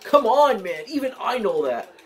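A young man giving excitable, frustrated live commentary while playing a wrestling video game at home, often yelling at the screen. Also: very high-pitched, normal speed. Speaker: gaming channel host. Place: home, at a desk in a spinning chair.

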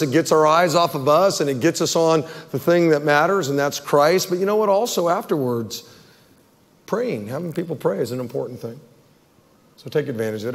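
A man preaching an earnest altar call and prayer as a pastor, pleading with the congregation. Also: fairly high pitch. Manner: earnest, pleading, acts out worried voices. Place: church sanctuary. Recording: long hall reverb.

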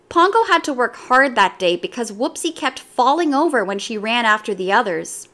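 A woman reading a children's storybook aloud in an expressive, lively way. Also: on the high side, moderate pace, few pauses.

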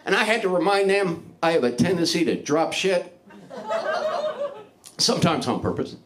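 A middle-aged man doing open mic stand-up comedy in a small club, loose and crude, mocking himself and shouting his punchlines. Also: sits high, expressive, normal speed, pauses often.

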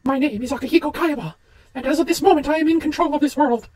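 Guy doing a high, fast, formal villain announcer voice for a cold game creator, sounds far from the mic. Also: darkish tone. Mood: commanding.

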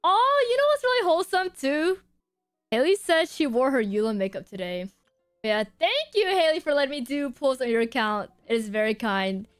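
A high, bouncy young woman on a stream, her pitch leaping about as she gasps and shrieks at her pulls. She speaks unhurriedly into a close, dry mic. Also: normal speed, dry recording, faint music behind. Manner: excitable, gasping and shrieking at pulls. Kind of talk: live-stream gacha reactions.

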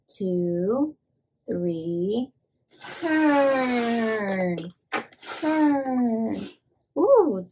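A woman's voice: medium pitch, a little mellow, slight background noise. A woman presenting to toddlers, naming farm toys in a playful sing-song way and making animal sounds. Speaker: children's presenter.

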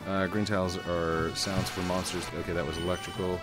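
A man's voice: deep voice, little pitch movement, fairly quick, over music. A man giving playful, self-mocking let's play commentary as a gaming YouTuber.

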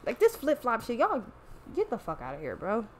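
A woman's voice: fairly high pitch, wildly swooping pitch, brisk, slight background noise. A woman hosting a show, talking in a blunt, profane, exasperated casual rant. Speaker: podcast host. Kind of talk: casual ranting monologue.

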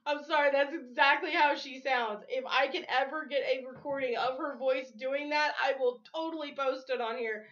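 A woman's voice: high voice, steady tone, normal speed, few pauses, a bit bright. Chatty woman vlogging on a lo-fi recording. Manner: chatty, laughs often between words. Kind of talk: casual rambling vlog chat. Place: at home. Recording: dull lo-fi home recording.

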